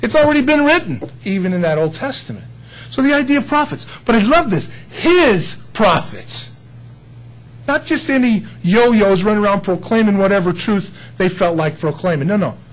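A man preaching a sermon in a folksy, animated way, building up to emphatic peaks. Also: high voice, normal speed, rough recording. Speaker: pastor.

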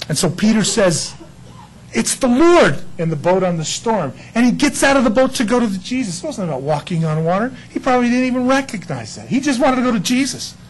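A man's voice: high-pitched, big pitch swings, quick pace, few pauses, low-quality recording. A man preaching a casual, storytelling sermon who acts out quoted characters and laughs often.

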